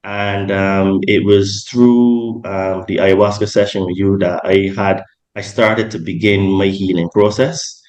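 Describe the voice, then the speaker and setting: A man's voice: deep voice, steady tone, measured pace, a little mellow, poor audio. A young adult man hosting a podcast, talking in a rambling way with many ums and self-corrections. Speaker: podcast host. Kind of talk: casual podcast interview.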